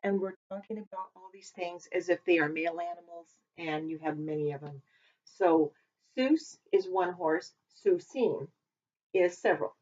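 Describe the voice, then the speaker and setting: A woman's voice: on the low side, normal speed, a little mellow. A woman teaching a casual Hebrew vocabulary lesson, chatting and thinking aloud as she double-checks her work. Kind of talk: informal recorded lesson. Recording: dull lo-fi recording.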